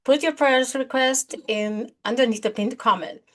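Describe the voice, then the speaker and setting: A woman's voice: sits high, normal speed, fairly bright tone. A woman hosting an online prophecy channel, preaching an urgent sermon with earnest appeals and repeated phrases.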